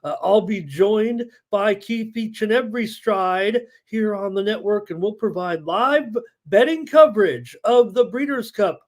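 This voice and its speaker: High-voiced man hosting a betting stream. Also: a little slow. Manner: casual, frequent "uh" fillers, reads chat aloud. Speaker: sports betting show host. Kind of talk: live-stream sports betting talk.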